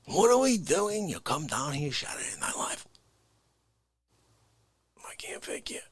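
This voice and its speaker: A man voicing a loud, judgmental gatekeeper character in a comedy sketch, swinging between hissed whispers and shouts. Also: on the high side, sing-song, a little slow, breathy edge, full character voice. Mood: indignant.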